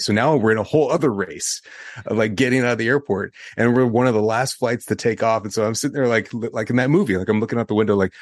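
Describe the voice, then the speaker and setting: A young man co-hosting a podcast, telling a story in a casual, animated way and acting out the quotes. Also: mid-range voice, racing, no echo. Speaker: podcast co-host.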